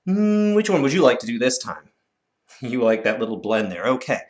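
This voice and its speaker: A man teaching a recorded lesson to children, counting syllables out slowly and clearly in a playful, encouraging way. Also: mid-range voice, very animated.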